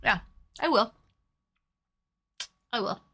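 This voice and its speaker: Chatty woman streamer from canada, bright high-ish voice, swears a lot reading chat. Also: expressive, takes it slowly, breathy edge. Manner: chatty, swears freely, reads out viewer messages. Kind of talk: casual chat.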